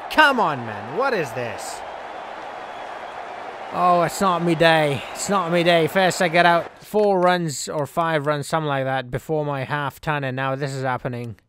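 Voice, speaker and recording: A man giving casual, joking commentary over his own video game play, yelling at the players on screen. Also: on the high side, noisy background. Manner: excitable, jokey, scolds the game's players aloud. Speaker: gaming channel host.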